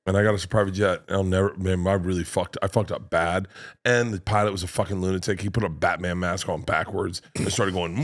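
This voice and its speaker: A man in his fifties with a fairly low voice, spinning rowdy stories on a podcast. He jumps into the scenes he tells and acts them out, and his voice shoots up or drops off as he plays each part. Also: a little fast. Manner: animated storyteller, acts out scenes. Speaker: comedian guest. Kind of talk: casual podcast chat.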